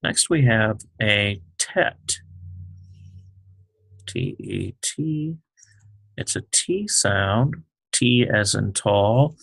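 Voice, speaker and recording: A man teaching the Hebrew alphabet, talking slowly with many fillers as he writes out each letter. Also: lowish voice, animated, creaky, a bit bright, slightly rough, dry recording. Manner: slow, halting, many fillers, explains while writing. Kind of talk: unscripted alphabet lesson.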